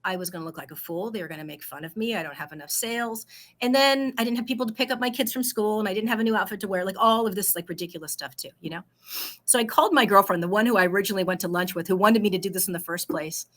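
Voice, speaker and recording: A woman's voice: mid-range voice, racing, fairly bright tone. A middle-aged woman, a business owner, telling her story in a casual interview and acting out the voices of people she quotes. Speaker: guest entrepreneur.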